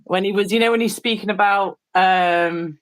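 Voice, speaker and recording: A woman guest from the UK chatting thoughtfully and softly while painting on a stream. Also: mid-range voice, steady tone, normal speed, low-quality recording. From United Kingdom. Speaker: guest artist. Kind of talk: casual chat while painting.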